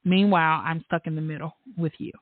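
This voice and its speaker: A woman hosting a casual podcast, an animated storyteller who laughs often and acts out the voices of the people in her stories. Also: low voice, fairly quick, dry recording. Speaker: podcast host. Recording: tinny phone-like line, dry.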